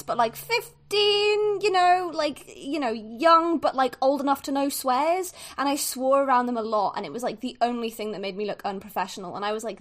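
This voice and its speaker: A woman joining a tabletop game podcast as a special guest player, animated and giggly. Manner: animated and giggly, leaping in pitch. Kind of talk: casual tabletop podcast chat.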